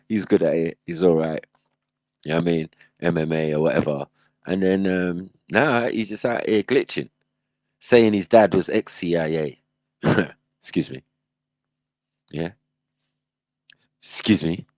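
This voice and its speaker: A man's voice: low voice, unhurried, pauses often, darkish tone, no room sound. A man hosting a livestream, reacting in casual, slangy commentary and laughing often. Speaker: livestream host.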